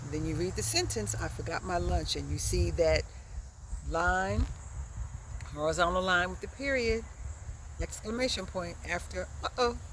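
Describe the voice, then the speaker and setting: A woman teaching a preschool lesson outdoors, reading in a slow, exaggerated, expressive way for small children. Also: on the low side, a little hiss or hum, poor audio. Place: outdoors by a wet board.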